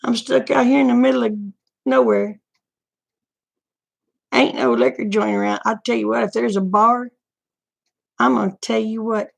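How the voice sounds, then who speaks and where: Gravelly folksy woman. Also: fairly high pitch, steady tone, moderate pace, pauses often. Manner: folksy, frank and chatty, laughs often. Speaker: vlogger. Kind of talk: casual livestream chat.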